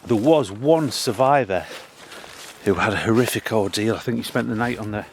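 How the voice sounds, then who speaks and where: Man, fairly low voice, out of breath, casual outdoor history tour, faint background hiss. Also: a little mellow. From North East England. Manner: reads old headstone inscriptions with pauses and restarts. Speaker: local history vlogger. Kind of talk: casual walking tour commentary. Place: outdoors in a cemetery.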